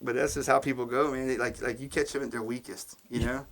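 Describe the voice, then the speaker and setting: Gravelly man telling rambling stories. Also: mid-range voice, little pitch movement, fast talker, a bit bright. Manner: rambling, laughing at his own stories. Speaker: podcast co-host. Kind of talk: casual storytelling chat.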